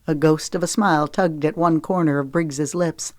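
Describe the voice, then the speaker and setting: A woman narrates an audiobook in a steady, expressive reading. Her voice is low-pitched and even. The recording is dry, with no room sound at all. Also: unhurried, hardly any pauses, no echo.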